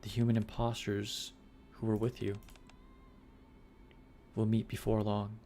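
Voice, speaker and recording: A man voicing a wary female fighter in a hushed, lowered voice, reading game dialogue aloud. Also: monotone, unhurried, a little hiss or hum.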